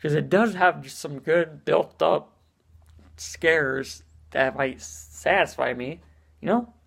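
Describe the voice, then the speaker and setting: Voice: mid-range voice, slow pace, creaky. A speaker giving a casual spoken movie review as an exasperated rant, full of "you know" and swearing.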